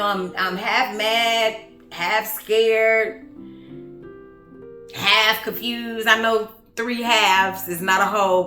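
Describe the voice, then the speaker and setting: A woman recounting her own story in an earnest, reflective way, halting often with pauses and fillers. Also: medium pitch, pushed and bright, reverberant. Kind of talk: personal storytelling.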